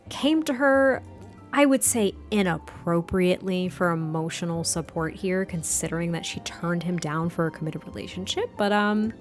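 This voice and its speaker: Chatty woman narrating a life-sim game. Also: fairly low pitch. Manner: chatty, giggly, narrates characters' thoughts. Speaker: let's play host. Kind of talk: casual gameplay commentary.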